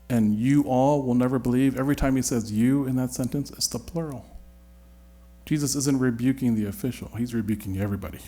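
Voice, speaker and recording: A man's voice: medium pitch, darkish tone. A man leading a Bible study, talking it through in a searching, conversational way with frequent restarts.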